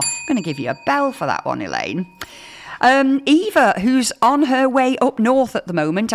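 Lively low-voiced woman radio host. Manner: chatty, reads texts aloud with lively emphasis. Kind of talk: casual chat reading listener messages.

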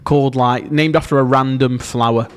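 A man's voice: mid-range voice, fairly even intonation, clear, resonant tone. Guy on morning radio, teasing his cohost, studio mic. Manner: teasing, quick to mock his co-host. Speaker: radio presenter. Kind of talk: breakfast radio banter.

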